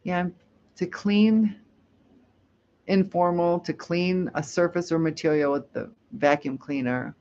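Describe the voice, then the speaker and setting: A woman's voice: fairly low pitch, fairly even intonation, slow pace, a little mellow, a little hiss or hum. Chatty woman hosting a livestream. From United States. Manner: chatty, rambling, laughs easily. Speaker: livestream host. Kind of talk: casual live chat, reading comments. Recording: dull lo-fi stream audio.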